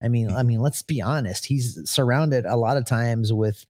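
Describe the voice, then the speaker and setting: A man's voice: medium pitch, normal speed, darkish tone, no echo. A man co-hosting a sports podcast, giving firm opinions with dry sarcasm. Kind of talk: casual sports talk.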